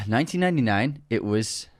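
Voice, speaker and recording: A man's voice: mid-range voice, animated, normal speed, creaky, husky, no room sound, studio quality. A man co-hosting a podcast in casual chat, earnest and thinking aloud with frequent restarts. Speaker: podcast co-host.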